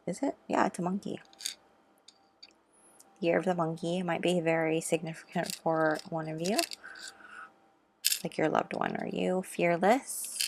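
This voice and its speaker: A woman giving a pick-a-card tarot reading, gentle and musing, with frequent ums and soft asides. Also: fairly low pitch, creaky, slight background noise.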